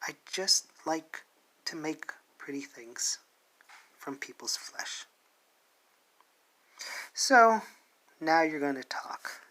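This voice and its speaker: A man voicing a sadistic male torturer from a comic, slow and menacing, sinking to a whisper. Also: on the high side, animated, sharp tone, a little hiss or hum, heavily acted. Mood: creepy whisper. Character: sadistic male torturer who sculpts flesh.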